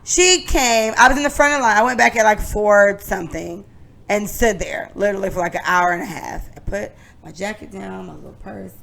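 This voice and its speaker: A young adult woman co-hosting a podcast, telling a long story in casual chat, animated and profane, often laughing. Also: medium pitch, a little fast, gravelly. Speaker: podcast co-host.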